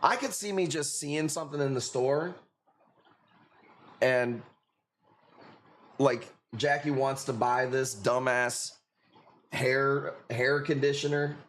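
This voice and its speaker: A man's voice: mid-range voice, slow, pauses often, fairly bright tone. A man with a Chicago accent talks casually to his livestream audience in a mid-range voice. He swears freely and laughs easily, and a faint background noise sits under his talk. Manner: laid-back, profane, laughing often. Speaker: livestream host selling corals.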